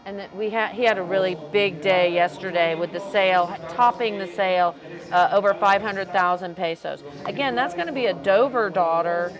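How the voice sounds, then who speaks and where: A woman's voice: medium pitch, moderate pace, music in the background, poor audio. A woman commentating a cattle show livestream in an arena, chatting, greeting viewers and stumbling over names. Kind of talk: live commentary.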